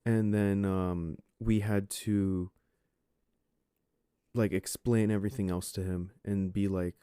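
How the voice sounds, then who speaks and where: A man's voice: sits low, level tone, takes it slowly, warm tone, clean tone, no room sound, studio quality. Rambling young man telling a story. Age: 20s. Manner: rambling, full of "like" and "you know" fillers. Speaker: podcast host. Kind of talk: casual solo storytelling.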